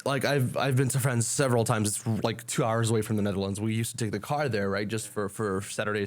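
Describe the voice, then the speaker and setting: A man hosting a casual panel podcast, talking at length, repeating his words and steering the discussion. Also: mid-range voice. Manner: talkative, repeats words, moderates the talk. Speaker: podcast host.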